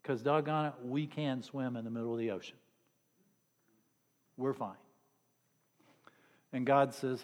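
Preaching live in a long-echo hall, this middle-aged man has a medium-pitched, darkish voice with fairly even intonation. He speaks at a measured pace with long pauses, chatting, joking, and aiming sarcastic remarks at the congregation during his sermon.

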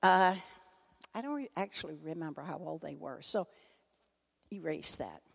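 A woman's voice: low voice, normal speed, gravelly, slightly rough. An older woman telling humorous personal anecdotes to an audience, laughing and breaking off mid-sentence as she goes. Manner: animated, laughing, self-interrupting. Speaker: storyteller speaking to an audience. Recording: echoey hall.

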